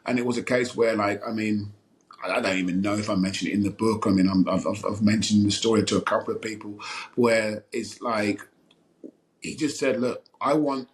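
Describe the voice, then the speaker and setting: A man's voice: fairly low pitch, fairly even intonation, fairly quick. Rambling middle-aged man. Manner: rambling, many fillers and restarts, acts out quarrels loudly. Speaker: podcast guest, former footballer. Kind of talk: casual storytelling interview.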